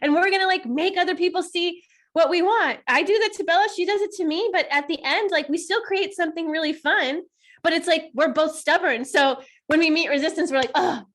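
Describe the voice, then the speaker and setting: A woman with a high, bright voice talking casually on a podcast. She is animated, laughs a lot and swears in passing. She acts out quoted lines with shifting tone. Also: fairly quick. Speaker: co-host.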